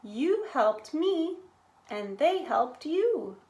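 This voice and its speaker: A woman voicing a big, self-important male dump truck in a children's picture book, speaking loudly. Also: high-pitched, big pitch swings, very slow, echoey room, pitched above the performer's own voice, full character voice. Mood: grateful.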